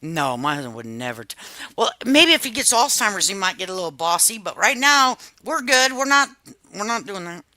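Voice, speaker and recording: A woman in her fifties hosting a livestream, chatting casually with viewers in a sassy, animated way and laughing often. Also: mid-range voice, a little fast, no room sound. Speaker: livestream host. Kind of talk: casual chat reacting to viewers.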